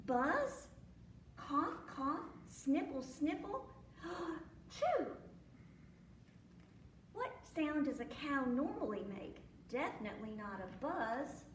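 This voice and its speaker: A woman's voice: sits high, lively intonation, takes it slowly, a little hiss or hum. A woman voicing a sniffling female cow with a cold who buzzes like a bee, coughing and sneezing between her words. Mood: puzzled. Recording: echoey room, mic at a distance.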